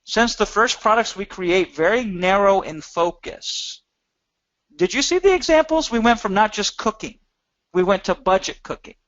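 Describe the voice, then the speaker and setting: A man's voice: high-pitched, animated, normal speed, a bit bright, dry recording, dull audio. A man teaching a recorded training session, talking emphatically and asking many rhetorical questions. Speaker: course instructor.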